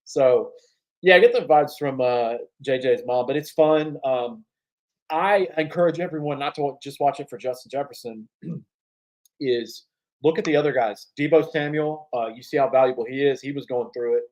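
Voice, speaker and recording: Male podcast co-host, casual and profane, animated storyteller, mid-pitched voice. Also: normal speed, rough recording. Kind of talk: casual sports chat.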